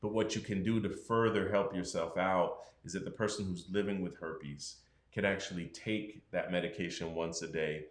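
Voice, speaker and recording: A man's voice: sits low, steady tone, moderate pace, echoey room. A man, a doctor, explaining health matters frankly in a casual podcast conversation. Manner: explanatory, frank, acts out patients' voices.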